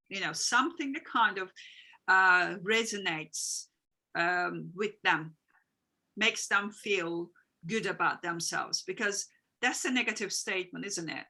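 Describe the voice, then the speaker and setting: A woman's voice: lowish voice, takes it slowly, bright, forceful tone, poor audio. A woman coaching guest on a video call, explaining earnestly in long, repetitive sentences with small grammar slips. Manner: earnest, explanatory, repeats phrases, non-native grammar. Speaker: guest, emotional wellbeing coach. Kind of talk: interview answers.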